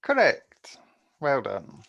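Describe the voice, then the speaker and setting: A man's voice: mid-range voice, wildly swooping pitch, drawn-out words, gravelly, a bit bright, muffled recording. A man co-hosting a casual gaming podcast, chatty and rambling, and often breaking into laughter. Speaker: podcast co-host. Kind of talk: casual chat.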